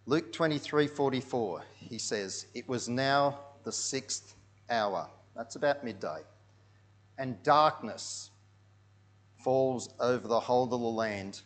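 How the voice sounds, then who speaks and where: Man preaching with dramatic swells. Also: lowish voice. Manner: dramatic storytelling, drops to hushed tones and swells loud. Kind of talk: sermon narrated over pictures.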